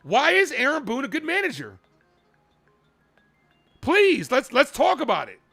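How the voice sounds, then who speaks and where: High, bright-voiced man arguing with his chat. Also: huge pitch swings, unhurried, creaky, soft background music. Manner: heated and argumentative, pressing chat for answers; calls balls and strikes between rants. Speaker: live play-by-play streamer. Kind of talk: live-stream call-in with chat reactions.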